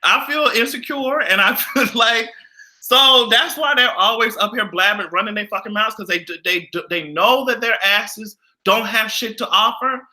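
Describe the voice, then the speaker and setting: A man's voice: high voice, normal speed, bright, forceful tone. A man talking to the camera in casual celebrity gossip commentary, blunt, profane and sassy. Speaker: vlogger.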